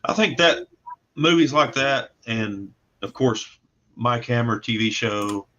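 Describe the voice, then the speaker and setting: A man's voice: mid-range voice, lively intonation, takes it slowly, bright, forceful tone. A man, a comic book creator, talking about his work in a casual livestream interview, rambling and repeating words in an easygoing way. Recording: muffled lo-fi stream audio.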